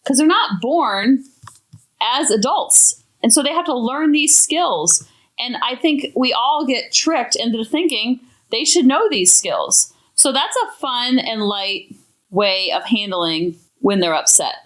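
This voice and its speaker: A woman's voice: fairly high pitch, animated, slow pace, a bit bright. A woman hosting a parenting podcast, talking in an emphatic, enthusiastic way. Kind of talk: podcast talk.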